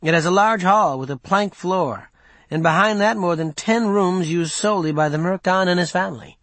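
A man's voice: sits high, normal speed, fairly bright tone, no room sound. A man reading an audiobook, voicing a bold young male rebel leader who speaks urgently and persuasively.

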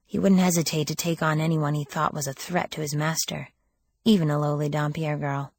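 A woman reads a first-person novel aloud with wry, lively storytelling. Her voice sits low and slightly husky, and the recording is close and dry with no room sound. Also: brisk, dry recording. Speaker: audiobook narrator. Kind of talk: first-person audiobook narration.

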